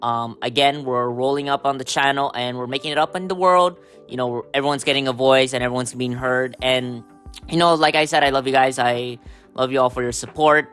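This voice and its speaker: A man hosting a casual solo podcast, hoarse from a cold, rambling with lots of fillers and throat-clearing. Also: medium pitch, fairly bright tone. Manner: rambling, full of "you know" and "um", throat-clearing. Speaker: podcast host.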